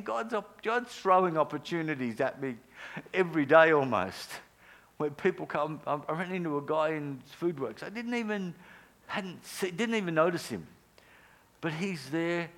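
A middle-aged man preaching a sermon, telling stories earnestly, with lively bursts and quiet, near-whispered prayers. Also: a little high. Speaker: pastor.

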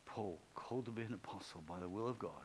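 A man's voice: quick pace, a little hiss or hum, poor audio. Man preaching a conversational sermon. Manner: conversational, acts out quoted speech with pitch swings. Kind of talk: informal sermon.

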